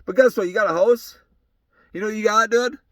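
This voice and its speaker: A man in his thirties sitting in his pickup truck, ranting profanely in a monologue that swings from shouting to quiet reflection. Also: high voice, a little fast, no echo. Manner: swearing, often shouting, then quiet and reflective. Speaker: podcast host.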